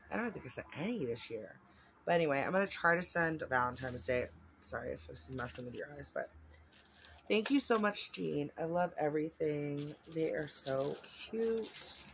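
A woman's voice: low voice, a little hiss or hum. A woman vlogger chatting casually while unboxing gifts at home, rambling and gushing with lots of fillers.

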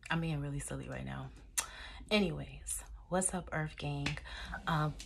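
A woman's voice: low-pitched, unhurried, creaky, slight background noise. A young woman doing a casual tarot reading, chatty and laughing, swearing now and then, recorded on a phone camera in a dim room. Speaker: tarot reader.

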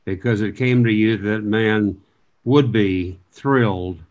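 A man hosting an interview in a relaxed conversational way, praising his guest and asking about his career. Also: on the low side, slow, muffled recording. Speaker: interview host, former sportscaster.

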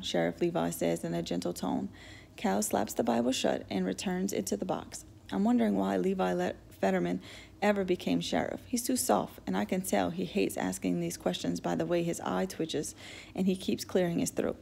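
A woman narrating a novel in the first person with steady, even storytelling. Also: mid-range voice, moderate pace, vocal fry. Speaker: audiobook reader.

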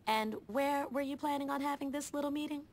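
A sharp-tongued, sarcastic young woman for a video game, high-pitched with a wry, scolding bite. Faint noise sits under the game audio. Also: steady tone, brisk.

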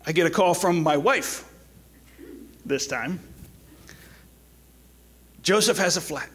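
Middle-aged male pastor, church sermon, a bit high-pitched, casual storytelling moving into soft exhortation. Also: lively intonation, breathy edge. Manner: storytelling with quick asides, then soft pleading exhortation. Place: church sanctuary.

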